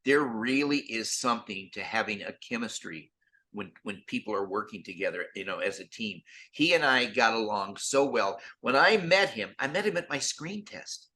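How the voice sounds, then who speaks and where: An older man, a guest actor, telling lively stories in an interview and acting out the quotes, often repeating words as he goes. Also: medium pitch, normal speed. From United States. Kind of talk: storytelling interview.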